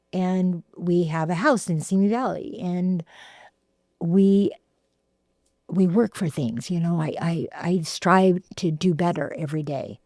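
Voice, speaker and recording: A woman, telling her recovery story in a halting way with repeated words and fillers. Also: lowish voice, mellow, no echo, clean studio sound. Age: 60s. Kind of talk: heartfelt personal testimony.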